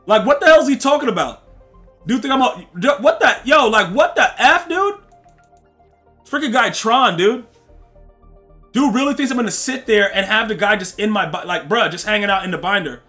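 A man's voice: high-pitched, lively intonation, normal speed, sharp tone, faint music behind. A man streaming a football video game, chatting casually with his chat in heavy slang and trash-talking the players. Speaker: gaming streamer. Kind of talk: casual live-stream commentary.

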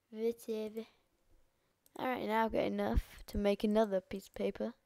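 A woman's voice: medium pitch, level tone, moderate pace, creaky, warm tone. A woman giving rambling, sweary let's play commentary. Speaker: gamer.

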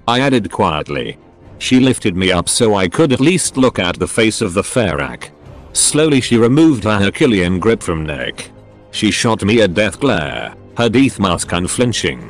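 A man's synthetic voice reading a first-person story in an even, matter-of-fact way. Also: fairly low pitch, unhurried, faint music behind.

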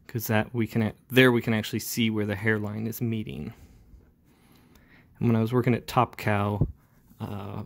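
A man who inks comics, chatting casually as he demonstrates inking step by step, with frequent fillers. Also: lowish voice. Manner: casual, talks while working, with fillers. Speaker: comic book inker. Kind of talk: relaxed ink-along tutorial narration.

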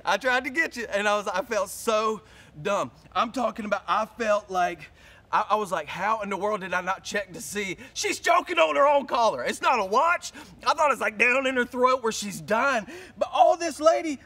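High-voiced animated preacher man. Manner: animated storytelling preacher, acting out his own panic. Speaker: pastor. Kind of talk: sermon.

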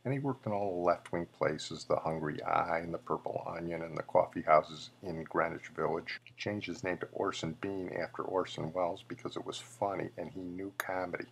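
A man's voice: low voice, fairly even intonation, normal speed, creaky, few pauses, husky. A male podcast host giving opinionated, conversational commentary on a memorial show.

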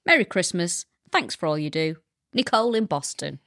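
Lively woman podcast co-host, dry sound. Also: fairly low pitch, moderate pace, no echo. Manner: animated, jokey, swears, laughs. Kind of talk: casual comedic chat.

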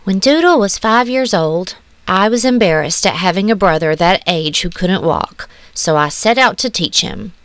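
A woman reading a short story aloud in a measured, hushed, wistful way. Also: mid-range voice, lively intonation, clear, resonant tone, no echo, clean studio sound. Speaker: story narrator. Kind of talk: scripted storybook narration. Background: soft music.

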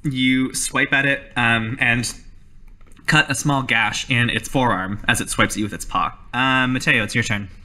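Bright-voiced man running a tabletop game. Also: mid-range voice, a little slow. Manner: relaxed, playful narration with fillers. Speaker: game master.

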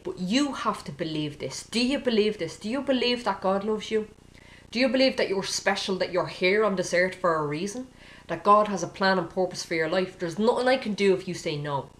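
Earnest woman preaching in a roomy space. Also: medium pitch. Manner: earnest, direct, often asks "okay?". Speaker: Christian video preacher. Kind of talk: informal sermon to camera.

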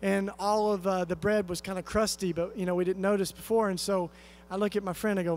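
High-voiced earnest man preaching. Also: flat delivery, brisk, slight background noise. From East Tennessee, USA. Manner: earnest, conversational, many fillers and restarts. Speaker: conference speaker. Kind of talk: storytelling sermon talk.

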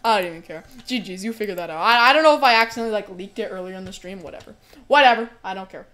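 A young woman streams a game and chats casually, talking through her run in rapid-fire speech. Her mid-range voice is a bit bright, and she bursts into squealing protests and laughter.

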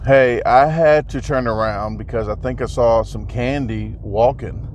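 Folksy Midwestern guy, mid-pitch, rambling car vlog with road noise. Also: fairly even intonation, a little slow, few pauses. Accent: Midwestern American. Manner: chatty, folksy, lots of filler words. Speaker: vlogger.

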